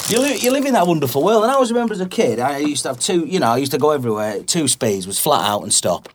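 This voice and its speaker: A man's voice: on the high side, very animated, rapid-fire, noisy background. A man chatting casually as a guest, jokey and rambling with many restarts. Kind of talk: casual chat.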